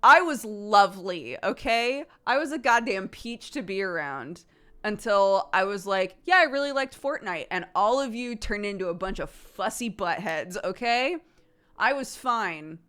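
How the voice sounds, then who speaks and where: A woman's voice: medium pitch, animated, measured pace, pushed and bright. A woman livestreamer chatting casually with her viewers, teasing and self-mocking and laughing often.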